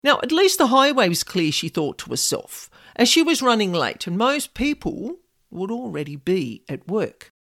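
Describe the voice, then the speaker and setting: A woman's voice: medium pitch, sing-song, moderate pace, hardly any pauses, a bit bright. A woman narrating a personal story in a conversational way with casual asides.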